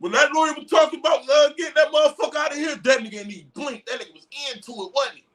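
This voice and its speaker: A man rants in a loud, mocking way, swearing freely and shouting at times. His voice sits high and sounds bright and sharp. He is some way back from the mic. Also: very fast, far from the mic. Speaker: commentary streamer. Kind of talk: casual trial commentary rant.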